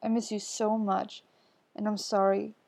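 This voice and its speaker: A woman reads as a nervous young man stumbling through an apology, slow and halting, his tone soft and mellow. He restarts often as the podfic carries him along. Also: mid-range voice, flat delivery, gravelly, no room sound. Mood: apologetic. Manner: halting, full of restarts and fillers. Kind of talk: podfic reading.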